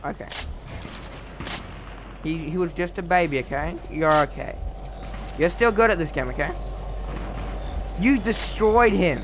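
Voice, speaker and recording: A man's voice: high-pitched, unhurried, pauses often, noisy background. A male streamer trash-talking players during a live game stream, mocking and sarcastic.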